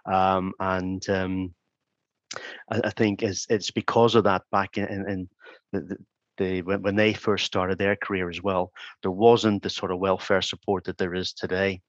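Guy, deep voice, lots of ums and restarts, kinda muffled dry sound. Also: little pitch movement, measured pace, dry recording. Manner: hesitant, many ums and restarts. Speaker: former crime scene investigator. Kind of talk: casual interview talk.

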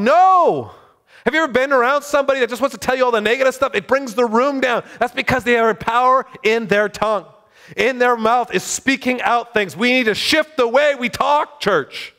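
A man's voice: very high-pitched, moderate pace, sharp tone. A man preaching a sermon in a fervent, exclaiming way.

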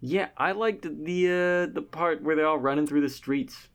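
A man's voice: on the high side, moderate pace. A young man co-hosting a podcast, playfully launching into announcer-style bits in casual banter. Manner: playful, announcer-like bit intros. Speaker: podcast co-host.

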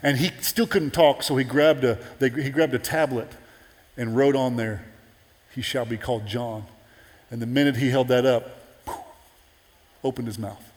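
A man preaching a sermon in an animated, conversational way with playful asides. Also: medium pitch, moderate pace, long reverb tail.

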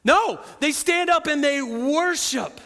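Bright-voiced preacher in a reverberant hall. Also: male voice, very high-pitched. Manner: animated preaching, quick asides to the congregation. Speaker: pastor. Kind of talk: sermon. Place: church sanctuary.

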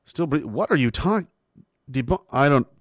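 A man hosting a livestream talk show, reading viewer messages aloud in a casual, animated and profane way. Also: fairly high pitch, moderate pace, no room sound, clean studio sound. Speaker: show host.

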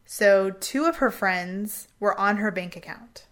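A woman tells a true crime case to her co-host on a podcast. She talks in a relaxed, chatty way and slips into the voices of the people she quotes. Her pitch sits in an ordinary middle range. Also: slow pace. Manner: animated retelling, acting out quotes with a Southern "y'all". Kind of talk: casual storytelling chat.

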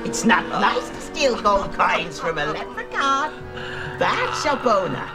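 A shrill, greedy little leprechaun who taunts and gloats, his pitch leaping wildly between shrieks and low growls. He drags out his words slowly and deliberately. It is a movie clip with loud music playing underneath. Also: wildly swooping pitch, full character voice. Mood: sly taunting. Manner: taunting, swings between shouts and sly wheedling. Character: greedy vengeful male leprechaun, small and cackling.

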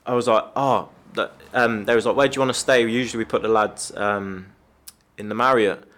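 A low-pitched man in a relaxed podcast chat, rambling through football stories. He swears freely and drops his voice when quoting others. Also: a little fast. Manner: anecdotal, swears freely, quotes others in lowered voice. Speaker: former professional footballer.

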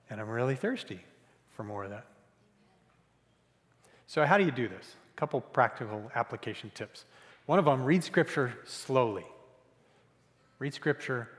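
A man preaching a conversational sermon as pastor, earnest and repeating key phrases for emphasis. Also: medium pitch. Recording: reverberant church hall.

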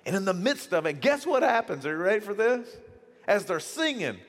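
A man preaching a sermon as pastor, casual and animated, slipping into slang and acting out the voices of people in his stories. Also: sits high, moderate pace. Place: church hall. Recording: church hall with long reverb.

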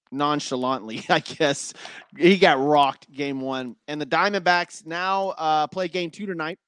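Solo sports host, man, high energy, high-pitched voice. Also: no echo. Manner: energetic, chatty, laughs at his own takes.

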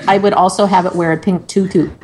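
A woman's voice: on the low side, steady tone, quick pace, a little mellow, a little hiss or hum. A woman co-hosting a casual radio talk show, tired from lack of sleep and answering with dry, self-deprecating humor. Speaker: radio co-host.

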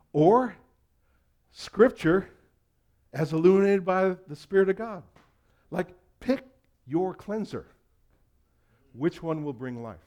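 Joking, self-deprecating male pastor. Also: mid-range voice. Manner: humorous, self-deprecating storytelling; animated, swings between quiet asides and loud bursts. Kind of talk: sermon.

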